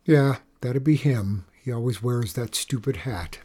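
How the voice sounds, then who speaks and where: A man's voice: mid-range voice, measured pace, mellow, slightly rough. A man voicing an easygoing, friendly middle-school boy. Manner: easygoing, eager.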